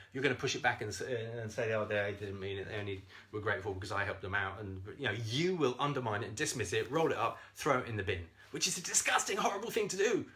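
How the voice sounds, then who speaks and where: Guy coaching on a live stream, voice goes way up and down, swears a lot. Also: medium pitch. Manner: animated, swears freely, laughs often, talks straight to viewers. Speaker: self-esteem coach.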